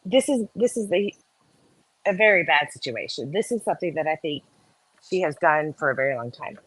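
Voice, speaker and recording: A woman guest who works as an accountant, with a fairly low voice recorded close and dry. She explains things at length in a casual, meandering way. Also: expressive, brisk, a bit bright, husky, no room sound, rough recording.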